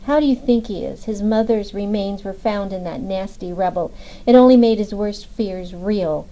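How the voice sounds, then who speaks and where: A woman's voice: medium pitch, normal speed, mellow, close to an everyday voice, poor audio. A woman voicing a grieving young woman federal agent in an audiobook, speaking tearfully and with raw emotion. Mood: bitter.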